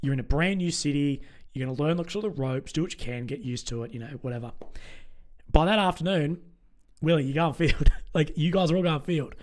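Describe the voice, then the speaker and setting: A young Australian man telling stories in a relaxed chat, with lots of fillers. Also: a little high, a little fast. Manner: chatty storytelling, many fillers. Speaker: host. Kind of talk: casual chat.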